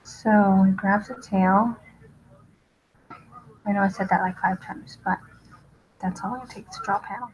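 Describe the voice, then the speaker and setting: A woman's voice: mid-range voice, steady tone, unhurried, long pauses, lo-fi sound. Chatty young woman sketching and explaining. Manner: chatty, self-deprecating, thinking aloud. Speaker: storyboard artist teaching. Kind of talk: casual drawing tutorial.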